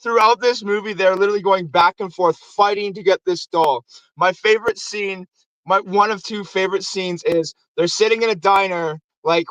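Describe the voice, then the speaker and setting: His voice sits high and moves at a normal speed, captured in a dry, lo-fi recording. As show host, he recaps a film casually, swearing a lot and animatedly acting out quotes in raised voices.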